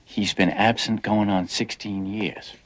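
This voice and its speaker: A man's voice: fairly low pitch, steady tone, a little slow, close to an everyday voice. An actor playing a restless, dreamy young man who is bitter about his life, speaking intensely and sometimes dropping to a whisper. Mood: brooding. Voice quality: intense, brooding, drops to a whisper. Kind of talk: stage drama acting.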